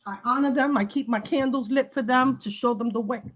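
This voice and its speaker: A woman's voice: a little high, a little fast. A woman talking straight to her viewers in an urgent, emotional monologue, often stumbling and repeating words as she warns them. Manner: urgent warning tone. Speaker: spiritual video creator. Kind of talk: emotional direct-to-camera monologue.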